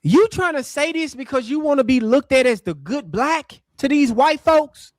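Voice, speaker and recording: A man's voice: extremely high pitch, lively intonation, normal speed, no room sound, poor audio. A man hosting a live reaction stream, talking casually and mocking the clip he answers. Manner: mocking, talks back at the clip. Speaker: livestream host.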